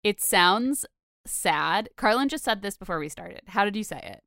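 A woman's voice: medium pitch, animated, moderate pace, fairly bright tone, no echo, studio quality. Chatty young woman hosting a podcast. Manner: chatty, rambling, many fillers and laughs. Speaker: podcast host. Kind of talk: casual podcast chat.

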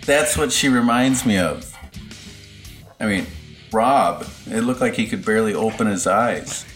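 A man's voice: lowish voice, expressive, measured pace, fairly bright tone, soft background music. A man co-hosting a podcast, chatting casually and telling rambling stories with lots of laughter. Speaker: podcast co-host. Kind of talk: casual chat.

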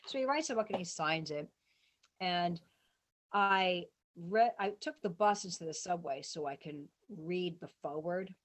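A woman guest in an interview, telling long rambling stories and acting out what people said in lively voices. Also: on the low side, a little slow. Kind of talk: casual storytelling interview.

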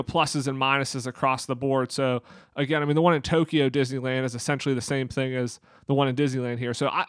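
A man's voice: medium pitch, dry recording, clean studio sound. A man co-hosting a podcast in casual chat, explaining at length with plenty of fillers and restarts. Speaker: podcast co-host.

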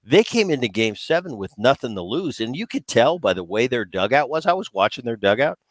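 Animated former-player man talking baseball. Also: mid-range voice, brisk, no room sound. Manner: animated, rambling with restarts. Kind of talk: casual sports talk.

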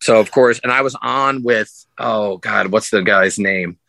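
In a lowish, creaky voice and an unhurried pace, this man, a sideshow performer, rambles through stories as a podcast guest. He's animated and raises his voice to act out quotes, and the rough recording has no room sound.

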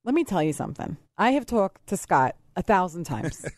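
A woman working as a radio show producer, joining the host on air with lively, teasing banter. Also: lowish voice, normal speed, dry recording, clean studio sound. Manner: laughing, animated, teasing. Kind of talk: casual talk radio banter. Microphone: studio microphone.

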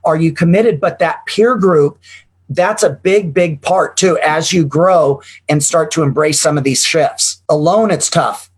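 A man's voice: fairly high pitch, measured pace, breathy edge. A man co-hosting a business podcast, talking in a motivational, emphatic way with the odd swear word. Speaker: podcast co-host. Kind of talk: casual business podcast talk.

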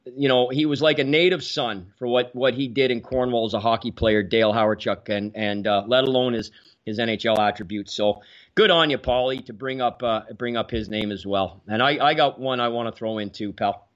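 Animated man around sixty. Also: medium pitch, fairly quick, lo-fi sound. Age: about 60. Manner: animated storyteller, repeats words as he goes. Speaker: sports talk host. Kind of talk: casual sports storytelling.

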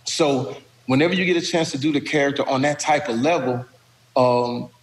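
A middle-aged man, an actor and comedian, telling animated, profane stories and slipping into voices as a guest. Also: mid-range voice, moderate pace. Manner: lively, profane, does voices. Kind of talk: animated storytelling. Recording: roomy with long reverb.

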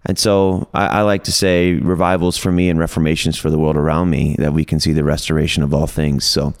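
A man from Detroit with a deep voice, a podcast guest speaking energetically and reflectively. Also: flat delivery, brisk, smooth, no room sound, studio quality. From Detroit, USA. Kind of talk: casual interview.

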